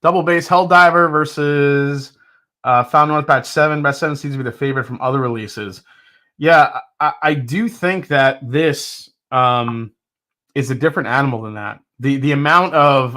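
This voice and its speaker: A man hosting a live whiskey tasting, talking in a rambling, excitable way with lots of fillers and restarts. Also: medium pitch, moderate pace. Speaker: whiskey reviewer, host. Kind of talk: casual live tasting review.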